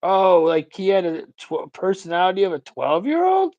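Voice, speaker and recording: A man's voice: sits high, big pitch swings, normal speed, a little mellow, no room sound, lo-fi sound. A man hosting a casual livestream, talking in a rambling, profane, ranting way. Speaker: livestream host.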